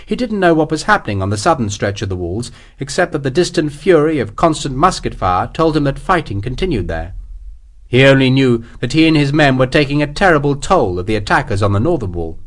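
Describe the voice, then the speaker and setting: A man narrating an audiobook in a steady, measured way. His pitch moves in a lively way through the sentences. Scripted storytelling.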